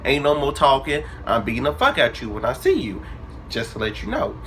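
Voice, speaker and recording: A man's voice: medium pitch, a little fast, slight background noise. A young man, telling a personal story casually and acting out the dialogue with drama. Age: early 20s. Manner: animated, dramatic retelling with quoted dialogue. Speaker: vlogger.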